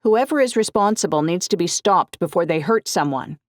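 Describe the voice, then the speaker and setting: Brief: woman narrator as an emphatic, outraged local woman, higher and louder, dry. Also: expressive, moderate pace, no echo, natural voice. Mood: indignant. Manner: indignant, emphatic. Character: indignant neighbor woman on the news.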